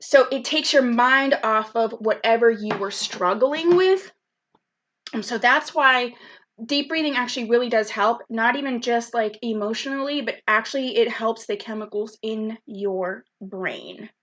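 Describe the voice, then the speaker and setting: A woman's voice: on the high side, measured pace, fairly bright tone. A woman leading a live online youth workshop, chatty and upbeat, reading out viewers' comments by name over a video call. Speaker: program specialist leading a virtual youth workshop.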